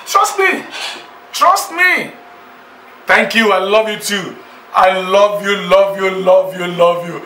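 An actor playing a boastful, newly rich man who sweet-talks several girlfriends on the phone, excited and laughing. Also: sits high, slow, roomy sound, recorded from a distance, slight background noise, full character voice, rough recording. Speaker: lead character in a film. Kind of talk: Nollywood film acting.

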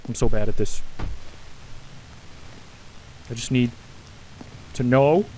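A man's voice: medium pitch, slow, mellow, slight background noise, poor audio. A young man giving live commentary as he plays a game, jumpy and talking to himself with lots of swearing. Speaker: gaming streamer.

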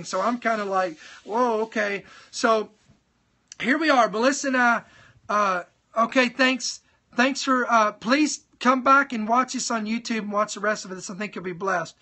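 A man preaching in a live-streamed sermon, telling his testimony in an animated way, speaking directly to his viewers and repeating points for emphasis. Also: high-pitched. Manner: animated storytelling, talks straight to viewers.

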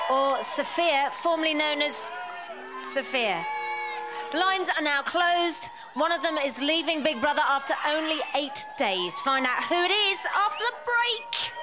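A woman presenting a live television show, with playful, projected delivery. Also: sits high. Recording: loud crowd and noise.

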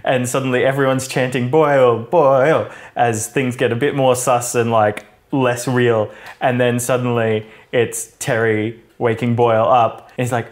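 Man, podcast co-host, casual and animated, slips into character voices when recapping. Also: medium pitch, moderate pace, few pauses. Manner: animated, acts out scenes in put-on voices. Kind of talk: casual chat.

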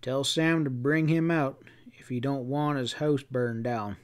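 A man's voice: mid-range voice, fairly even intonation, a little slow, clean tone, lightly acted. A man voicing a grim, angry leader of a frontier posse, who talks in blunt, threatening folksy speech.

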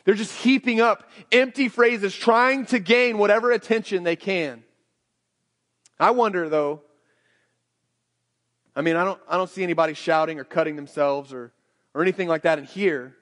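A male pastor preaches in a conversational style with a high-pitched, fairly bright voice at normal speed, pausing often and frequently repeating or restarting his words. The church sanctuary setting adds a long hall reverb.

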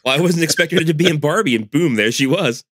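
Wry male podcast co-host, lively pitch. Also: fast talker, dry recording, clean studio sound. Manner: laid-back, wry, chuckles often. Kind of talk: casual chat.

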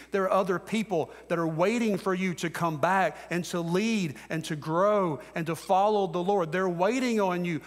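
A man's voice: fairly high pitch, normal speed, hardly any pauses. A man preaching a sermon as pastor, who acts out voices from the story and talks to his congregation with urgency. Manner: preaching with rising intensity, then hushed and prayerful. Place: large church sanctuary. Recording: long church-hall reverb.

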